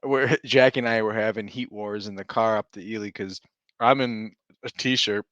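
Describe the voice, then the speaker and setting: A man's voice: on the low side, steady tone, normal speed, fairly bright tone, no room sound, dull audio. A man co-hosting a podcast, telling stories in rambling, self-interrupting casual chat and laughing as he goes. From Minnesota. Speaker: podcast co-host.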